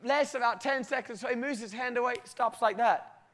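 A British man delivers a sermon built around a personal story, his voice sitting very high for a man. He tells it in an animated way and laughs often as he goes. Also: a little fast. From Britain. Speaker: preacher.

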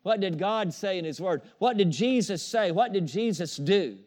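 With a high, ringing voice that is slightly mellow, a pastor delivers an animated sermon at a normal pace. He stresses his points, repeats important phrases, and pulls amens from his listeners in call-and-response fashion, chuckling occasionally between points.

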